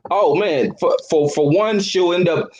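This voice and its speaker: A man co-hosting a boxing talk stream, chatting casually and haltingly with repeated starts. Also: high voice, darkish tone, dull audio. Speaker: co-host. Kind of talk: casual chat.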